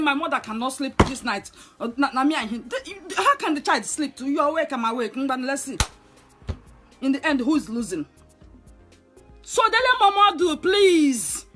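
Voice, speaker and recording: Scolding Nigerian woman, high voice. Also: fairly bright tone. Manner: heated, scolding, repeats herself with rhetorical questions. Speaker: online commentator. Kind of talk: angry direct-to-camera rant.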